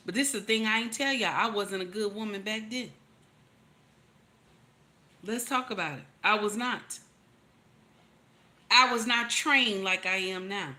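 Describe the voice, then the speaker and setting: A woman's voice: on the high side, bright, forceful tone. A woman, giving casual, preachy relationship commentary, emphatic and repetitive, calling out to her listeners. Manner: emphatic, repeats lines, calls out to listeners.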